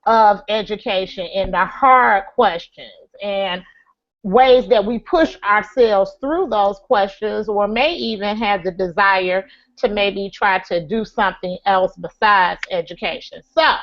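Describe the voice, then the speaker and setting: A woman moderating a live online panel discussion, speaking with frequent pauses and fillers. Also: medium pitch. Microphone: video call. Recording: lo-fi web call audio.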